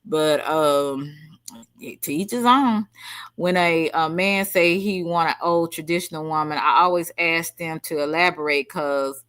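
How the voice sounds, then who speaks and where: A woman hosting a livestream, chatting casually and reading out viewer comments in an animated, slangy way. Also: deep voice, unhurried, smooth. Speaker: livestream host.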